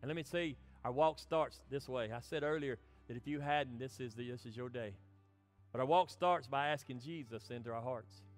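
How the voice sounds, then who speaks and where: A middle-aged man preaching a sermon as pastor, swinging between impassioned lines and soft, hushed ones. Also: medium pitch, normal speed, soft background music.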